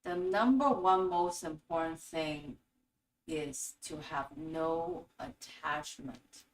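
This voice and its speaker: A woman hosting a spiritual teaching talk, telling stories in an animated way and acting out quotes. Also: low-pitched, takes it slowly, slight background noise. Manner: animated storytelling with acted-out quotes. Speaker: host. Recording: echoey room, voice from a distance.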